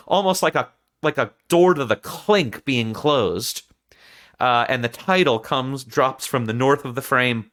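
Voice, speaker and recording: A man hosting a film podcast who retells scenes in an animated way and acts out the quotes. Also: medium pitch, measured pace. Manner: animated storytelling with acted-out quotes. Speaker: podcast host.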